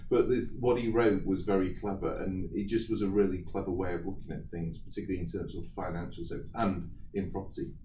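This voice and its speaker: A British man with a low, mellow voice recounts business stories in a relaxed, chatty way, laughing now and then. He sounds a little distant from the mic, in an echoey room with faint background noise. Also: brisk, hardly any pauses. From United Kingdom. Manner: chatty, anecdotal, laughs often. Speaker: entrepreneur guest. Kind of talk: podcast interview, storytelling.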